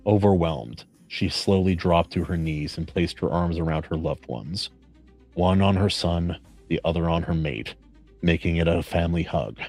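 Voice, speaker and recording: A man with a notably deep, low-pitched voice reads a story aloud at a measured, earnest pace. Between readings he chats casually and sincerely with his co-hosts. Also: faint music behind. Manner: measured, earnest reading; warm praise in chat.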